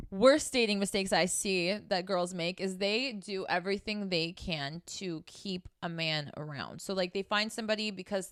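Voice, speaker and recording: A woman's voice: on the low side, fairly bright tone, clean tone, no room sound, clean studio sound. A woman giving dating advice in a blunt, scolding, casual monologue full of swearing. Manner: casual, conversational. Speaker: dating coach.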